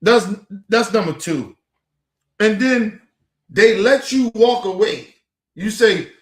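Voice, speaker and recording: A man ranting on his stream, voice pitched a bit high, swearing freely and hammering the same points again and again. The room around him rings with echo. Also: takes it slowly, pauses often. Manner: profane, animated, repetitive. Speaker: streamer host. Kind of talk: heated commentary.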